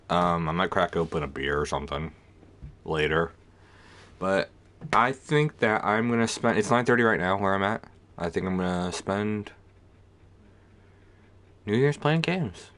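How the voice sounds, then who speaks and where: A man's voice: low voice, fairly bright tone. A man streaming a game live, casual and rambling, with lots of filler words.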